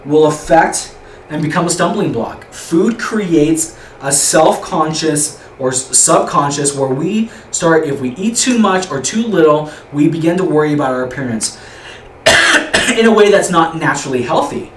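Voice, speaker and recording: A man's voice: fairly high pitch, lively intonation, moderate pace. Young male youth leader, loose chatty teaching style, recorded from across a room with faint background noise. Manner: rambling, repeats words, asks the group questions. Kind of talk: informal youth group teaching. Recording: roomy echo, distant mic, faint room noise.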